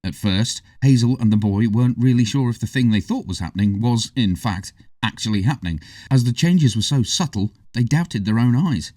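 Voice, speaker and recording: A man reading a children's story aloud in an expressive, animated way, heard from a distance. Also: mid-range voice, moderate pace, hardly any pauses, no echo. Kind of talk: storybook narration. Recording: distant, dry.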